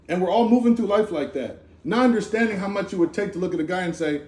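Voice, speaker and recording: A man giving an informal, animated sermon at a holiday gathering, talking in a conversational, slangy way with lots of asides. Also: high voice, fast talker, few pauses, slight background noise. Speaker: speaker giving a Torah talk. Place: Sukkot gathering in a room. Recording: echoey room.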